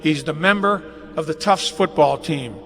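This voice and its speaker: Heard over a live webcast with faint noise and long reverb from the hall, an older man tells homespun, humorous stories at a dedication in a large athletic facility. His voice is a little high and a bit bright, and he speaks at normal speed.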